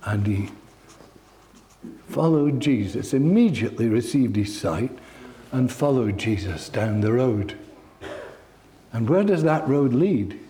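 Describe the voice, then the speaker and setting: A man's voice: medium pitch, lively intonation, takes it slowly, pauses often, mellow, slight background noise. A man preaching a sermon, telling stories in an earnest, heartfelt way.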